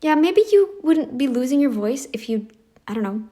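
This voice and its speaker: A woman's voice: sits high, animated, normal speed, warm tone. A woman giving sarcastic reaction commentary in a blunt, mocking, scornful way, recorded on a phone mic.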